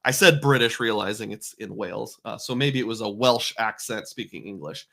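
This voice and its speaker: A man's voice: on the low side, normal speed, gravelly, sharp tone. A middle-aged man narrating his family's travel photos in a chatty, folksy voice-over, often correcting himself with little asides. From United States.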